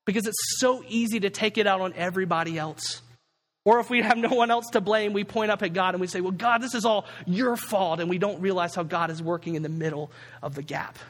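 A man's voice: high-pitched, fairly even intonation, quick pace, a bit bright, in a large hall. A male pastor preaching a sermon in a conversational, humorous way, reading scripture and joking with the congregation.

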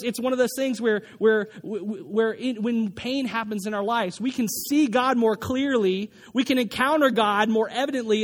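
Pastor, male, thirties, light high voice; loose, chatty sermon full of fillers. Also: a little mellow. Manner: conversational, many fillers and restarts.

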